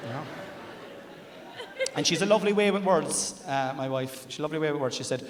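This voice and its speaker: Irish stand-up comedian in an echoey theatre. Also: male voice, on the high side, very animated, normal speed, long pauses, recorded from a distance, background noise. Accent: Irish, Cork. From Ireland. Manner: chatty storytelling with acted-out dialogue. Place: large theatre stage with live audience. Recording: echoey theatre with long reverb. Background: audience laughter.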